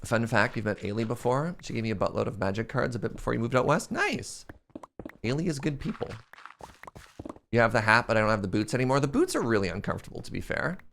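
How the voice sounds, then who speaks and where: A man's voice: mid-range voice, sing-song, fast, gravelly, a bit bright, slight background noise. A young man streaming a game, chatting casually and joking as he answers chat questions. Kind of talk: casual live-stream chat while playing.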